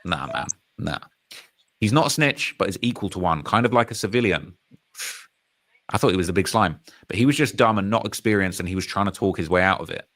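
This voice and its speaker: A man's voice: deep voice, fairly quick. A British man hosting a live stream, commenting casually and emphatically on rap news and reading out chat comments. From United Kingdom. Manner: animated, emphatic, repeats phrases, reads comments aloud.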